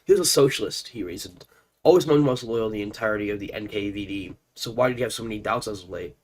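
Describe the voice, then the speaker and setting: Male streamer, congested from allergies, excitable commentary mixed with stumbling read-alouds. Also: fairly low pitch, fast talker. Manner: excitable, stumbles over names. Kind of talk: live gameplay commentary and reading game text aloud.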